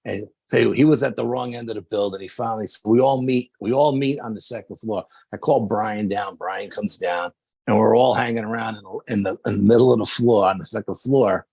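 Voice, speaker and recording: A paranormal investigator appears as a podcast guest, spinning a story in casual chat. His gravelly, lowish voice moves briskly through lively anecdotes full of slangy fillers, and the recording is dry.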